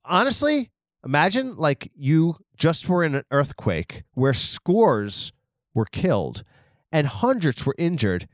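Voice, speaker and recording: A man's voice: fairly high pitch, very animated, takes it slowly, dry recording, studio quality. A man hosting a comedy podcast, riffing crudely and rambling on news headlines. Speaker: podcast host.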